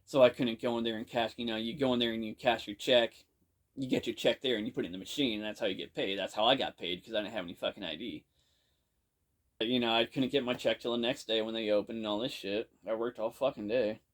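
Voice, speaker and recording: A man's voice: on the low side, fairly even intonation, quick pace. Rambling, foul-mouthed man telling a story. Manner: rambling, profane, full of "you know". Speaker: podcast storyteller. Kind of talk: casual first-person storytelling.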